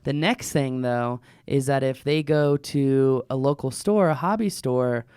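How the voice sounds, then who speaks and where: A man's voice: medium pitch, measured pace, darkish tone, clean tone, dry recording, studio quality. A man co-hosting a casual podcast, talking with enthusiasm. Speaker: podcast co-host. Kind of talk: casual chat.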